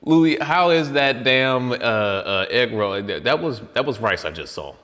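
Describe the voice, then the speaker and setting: A man's voice: mid-range voice, expressive, measured pace, a bit bright, big-room sound. A man hosting a casual podcast, rambling and joking at his own expense, snacking while he talks into a studio mic. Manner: rambling, self-mocking, restarts often; chewing and eating while talking. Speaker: podcast host. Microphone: studio mic with headphones.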